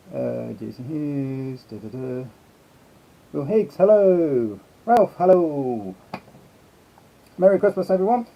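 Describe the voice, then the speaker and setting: A man's voice: mid-range voice, vocal fry, slight background noise. A man hosting a casual live stream, chatting and greeting his viewers one by one. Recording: slightly dull lo-fi sound.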